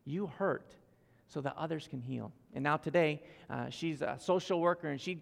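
Gravelly pastor in a reverberant hall. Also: male voice, medium pitch. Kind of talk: sermon.

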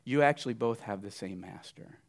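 A man preaching a sermon, animated, jumping from loud outbursts to hushed asides. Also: on the low side, brisk. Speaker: pastor.

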